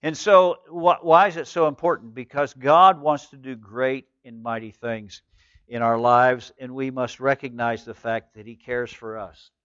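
A male pastor preaching a sermon with animated storytelling, calling on the congregation to answer back. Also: mid-range voice, unhurried, clear, resonant tone, dry recording, lo-fi sound.

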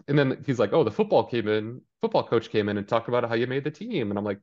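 A man co-hosting a podcast, casually recapping a TV episode and acting out the characters in quick, animated asides. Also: mid-range voice. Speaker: podcast co-host. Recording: dull lo-fi sound.

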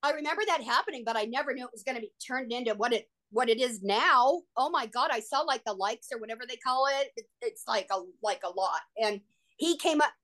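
A woman, an actress and guest on an interview show, telling stories in an excitable, gushing way. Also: on the high side, brisk. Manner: excitable, gushing, frequent "like" and "oh my God". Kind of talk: casual interview storytelling.

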